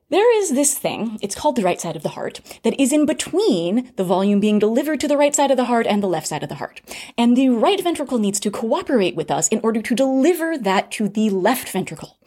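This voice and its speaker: A woman's voice: medium pitch, darkish tone, husky. A woman giving a recorded medical lecture, teaching with emphasis and asking rhetorical questions. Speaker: critical care lecturer.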